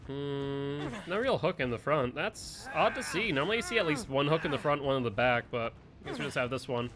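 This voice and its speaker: A man's voice: medium pitch, expressive, brisk. A man streaming a video game, chatting casually and musing aloud about the match and the game's balance. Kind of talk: gameplay commentary.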